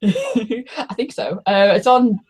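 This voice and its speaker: A woman's voice: a little high, wildly swooping pitch, takes it slowly, a little mellow, breathy edge. Chatty Scouse woman. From Liverpool, England. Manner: chatty, laughs often, trails off with fillers. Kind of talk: casual chat.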